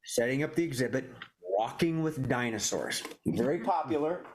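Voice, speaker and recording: A man's voice: mid-range voice, expressive, normal speed, a crowd in the background. A man hosting an online improv comedy show, announcing games and scene prompts in a jokey way. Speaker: improv game host.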